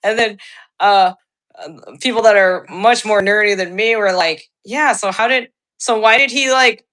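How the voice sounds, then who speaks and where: Bright, excitable woman podcast host. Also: mid-range voice, normal speed. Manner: excitable, laughing often, many restarts. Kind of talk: casual chat.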